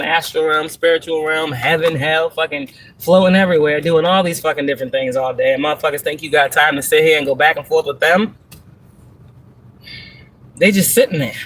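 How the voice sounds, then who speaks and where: A woman's voice: sits low, a little fast. A woman giving a live tarot reading, blunt and profane, talking emphatically with frequent laughs and rhetorical questions. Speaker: tarot reader on a livestream.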